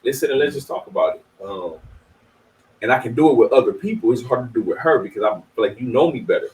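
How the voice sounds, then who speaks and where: A man's voice: medium pitch, lively intonation, fast, a little mellow. A young married man talking candidly and reflectively about conflict with his wife in a casual podcast chat. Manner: candid, reflective, laughs often. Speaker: guest. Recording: somewhat distant mic, faint noise.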